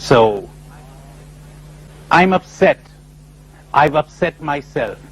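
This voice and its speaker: A man giving a spiritual talk to a live audience, animated and full of rhetorical questions, often acting out other people's replies. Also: fairly high pitch, unhurried, breathy edge, low-quality recording. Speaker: spiritual speaker. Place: lecture before a live audience.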